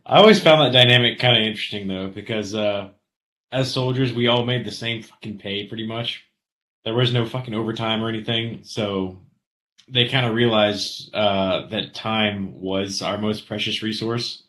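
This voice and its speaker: A man's voice: fairly low pitch, fairly even intonation, moderate pace, a bit bright. A man who served as a soldier, co-hosting a podcast and giving dry, profane commentary in casual chat. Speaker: podcast co-host, army veteran.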